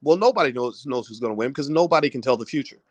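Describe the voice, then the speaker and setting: A man giving a casual, animated talk on finance straight to his viewers at a desk mic, with folksy asides. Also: mid-range voice, fast talker, dry recording, muffled recording. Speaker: finance commentator. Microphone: desk microphone.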